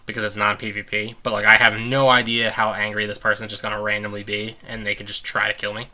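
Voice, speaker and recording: A man's voice: on the low side, completely flat delivery, fast talker, bright, forceful tone. A man giving gameplay commentary from a room at home, ranting in irritation and laughing it off. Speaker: let's play host.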